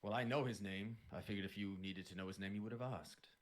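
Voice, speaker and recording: A man's voice: fairly low pitch, quick pace. A man narrating as game master in a tabletop game, describing scenes loosely with lots of "kind of" hedges.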